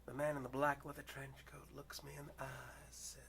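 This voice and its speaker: An older man performing a story poem dramatically, swinging from loud outbursts to hushed whispers. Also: medium pitch, little pitch movement, normal speed, gravelly, a little hiss or hum.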